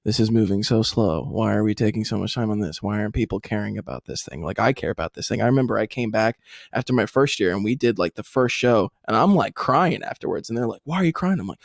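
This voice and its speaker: A young man hosting a casual podcast chat, telling animated stories and acting out the people he quotes. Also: on the low side, fast, gravelly, dry recording, studio quality. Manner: animated storyteller, acts out quoted voices. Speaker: podcast host.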